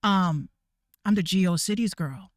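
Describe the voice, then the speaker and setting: A woman's voice: lowish voice, measured pace, no echo, clean studio sound. Cussing, rambling woman ranting. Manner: profane, rambling, stammering restarts. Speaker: VTuber ranting to her viewers. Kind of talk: casual rant.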